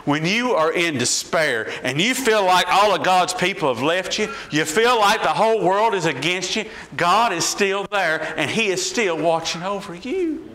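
A man's voice: sits high, animated, moderate pace, few pauses, pushed and bright, rough recording. A man preaching a sermon as a pastor, asking the congregation repeated questions and building in intensity.

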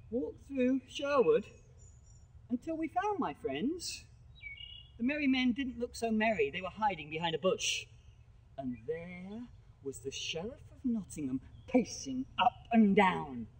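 A man telling a story with slow, deliberate pacing and lively swings of pitch. His voice has a husky edge. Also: rough recording. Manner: dramatic, with loud bursts and hushed drops. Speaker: professional storyteller. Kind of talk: live storytelling performance.

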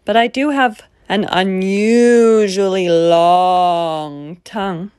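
A woman's voice: mid-range voice, fairly even intonation, slow pace, a little mellow, clean tone, no echo, studio quality, lightly acted. Mac, a big slobbering monster played by a woman. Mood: goofy. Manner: slurping and whiny.

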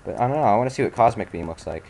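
A man's voice: lowish voice, animated, racing, creaky, darkish tone, a little hiss or hum. A young man commentating a video game he is playing, irritable and frustrated, grumbling and swearing as he plays. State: angry, frustrated. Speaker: let's play commentator. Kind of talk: casual gameplay commentary.

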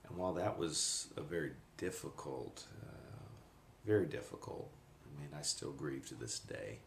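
A middle-aged man giving a reflective personal testimony, speaking haltingly with pauses, recorded on a camcorder in an echoey room. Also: very deep voice, creaky, slight background noise. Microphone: handheld camcorder.

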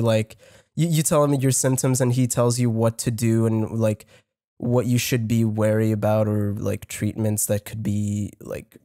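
A man's voice: medium pitch, darkish tone, no room sound, studio quality. A young man on a podcast, telling a personal story in casual chat, rambling with many fillers, restarts and swearing. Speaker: podcast co-host.

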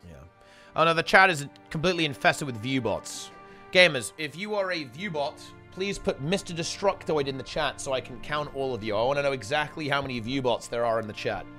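A man's voice: mid-range voice, fairly quick, bright, forceful tone, soft background music. A man casting a live online game tournament in a chatty, rambling way, often correcting himself mid-sentence. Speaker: esports tournament commentator. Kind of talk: casual live game commentary.

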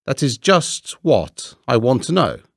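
A man's voice: medium pitch, sing-song, a little slow, gravelly, no echo, clean studio sound, voice pushed up, exaggerated voice. A man voicing a prim, proper mother duck in a storybook reading.

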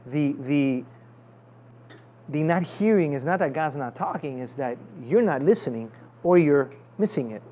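A man's voice: a little high, animated, unhurried, dark tone, a little hiss or hum. A male pastor preaching in a loose, conversational way and calling for amens from the congregation. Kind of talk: sermon with prayer.

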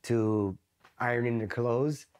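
A man's voice: mid-range voice, slow, clear, resonant tone. A man from East Los Angeles, a Marine veteran in his thirties, telling war-era stories in a loose, profane way and acting out the voices of others. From East Los Angeles, USA. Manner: profane, animated, acts out quoted voices. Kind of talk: casual storytelling interview.

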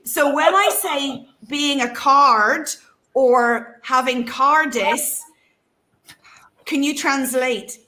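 Woman, Northern Irish accent, high bright voice, quick talk, preaching host. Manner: fast, laughing, then preaching emphatically. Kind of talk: live ministry broadcast.

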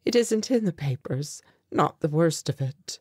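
A woman's voice: low-pitched, expressive, unhurried, a little mellow, breathy edge, no echo, clean studio sound, exaggerated voice. A woman voicing a distraught young man, urgent and shaken, in an audiobook.

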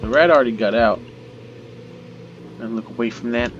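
A man narrating a horror game as he plays, nervous and joking, talking to the monster to calm it. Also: medium pitch, normal speed. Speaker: gaming video creator. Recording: dull lo-fi with loud background noise.

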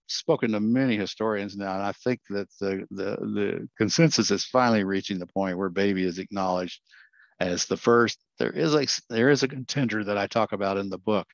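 A man's voice: on the low side, dry recording. An older man giving a slide presentation as a guest speaker, earnest and often correcting himself as he tells a story, heard over a video call. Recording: dull, dry lo-fi sound.

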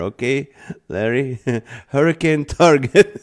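Slow-talking man laughing through comments. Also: a little high, animated. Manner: laughs often while reading; slow, drawn-out delivery. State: laughing to tears. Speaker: live stream host. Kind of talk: reading viewer comments aloud.

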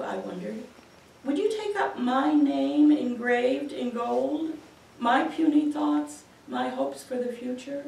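A woman poet reads her work in a measured, expressive way, taking her time. Her high voice has a gravelly touch. It is heard from a distance in a roomy university hall. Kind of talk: poetry reading. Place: university auditorium. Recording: echoey auditorium from far off.

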